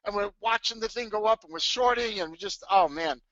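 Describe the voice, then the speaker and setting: A middle-aged man hosting a live trading webinar from his home, talking in an excitable, hyped way full of restarts. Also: high voice, fairly quick, dry recording. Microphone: webcam mic. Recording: dull lo-fi webcam audio.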